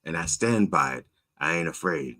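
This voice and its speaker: A man's voice: deep voice, expressive, normal speed, pushed and bright. A man hosting his own show in a casual monologue, telling a story animatedly, acting out both sides of a call, with frequent repeats and restarts. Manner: repeats words and restarts often. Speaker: host.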